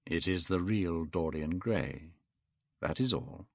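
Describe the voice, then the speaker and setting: Man playing a witty aristocrat in a storybook, deep and dry, unhurried. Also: creaky, dry recording, exaggerated voice. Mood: amused. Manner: cool, dry. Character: witty, cynical aristocratic gentleman.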